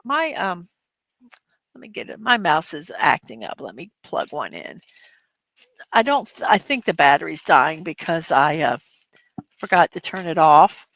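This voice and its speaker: A woman's voice: deep voice, sing-song, measured pace, long pauses, fairly bright tone, no room sound. A middle-aged woman hosting a casual livestream chat, telling rambling stories full of fillers and laughs from her computer desk at home. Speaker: livestream host.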